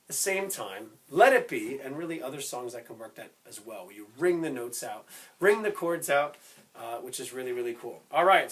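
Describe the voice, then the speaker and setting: A man teaching a step-by-step music lesson who explains slowly, keeps checking in with "right?" and breaks into short sung snippets. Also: mid-range voice. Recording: loud instrument playing behind the voice.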